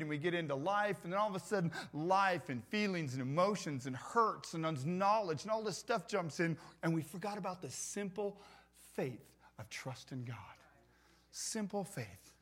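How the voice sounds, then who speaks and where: A middle-aged man preaches in a church with a fairly high voice. His delivery is conversational and lively, and he keeps asking the congregation to answer back. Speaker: pastor. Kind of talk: sermon.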